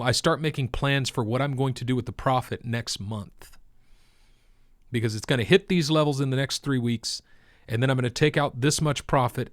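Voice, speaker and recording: Speaking at an ordinary middle pitch, a man offers casual commentary on the crypto market, relaxed and conversational but emphatic, circling back to hammer his points like a preacher. The recording is close and dry, with no room around it.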